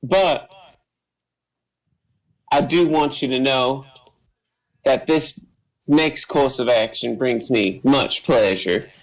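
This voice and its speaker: A man voicing a defiant young woman who speaks firmly and in a measured way, with no stutter. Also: mid-range voice, poor audio. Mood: cold. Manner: firm, measured, without stutter. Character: defiant young woman, cold crime heir.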